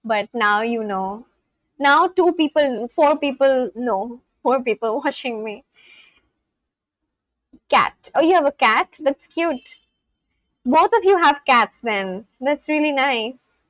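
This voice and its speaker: A woman's voice: high-pitched, expressive, slow pace, fairly bright tone, dry recording. A woman from India, chatting casually on a livestream, reading and answering viewers' comments. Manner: chatty, reads and answers chat aloud, laughs often. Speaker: livestream host.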